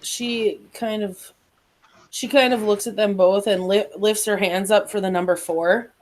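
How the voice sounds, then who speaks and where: A woman playing a tabletop game, describing what her character does in a halting, hesitant way. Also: mid-range voice, fairly even intonation, poor audio. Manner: hesitant, halting, laughs often.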